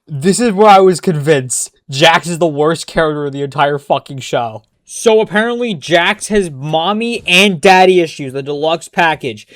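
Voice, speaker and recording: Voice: mid-range voice, no room sound. A commentator rants about a cartoon in a casual, profane and exasperated way, full of sarcastic asides. The recording is dry and close, with no room sound.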